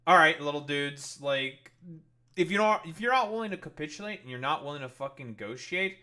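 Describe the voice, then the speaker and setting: A man's voice: fairly high pitch, animated, brisk, bright, forceful tone. A man streaming heated, profane political commentary in a blunt, ranting way.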